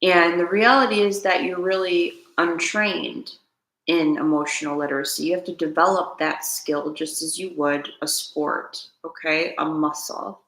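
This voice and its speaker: Woman, low gravelly voice, earnest preachy self-help host, echoey room. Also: steady tone, measured pace, fairly bright tone. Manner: earnest, preachy, repeats key lines, asks viewers to comment. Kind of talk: spiritual self-help talk to camera.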